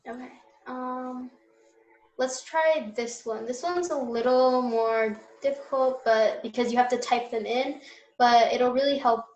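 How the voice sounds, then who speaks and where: A young woman runs an online Spanish lesson, walking students through each point with a patient, step-by-step manner and plenty of fillers. Her voice sits a little high, and the room around her rings with echo. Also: fairly even intonation, measured pace, a little mellow, a little hiss or hum. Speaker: Spanish tutor. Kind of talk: online class teaching.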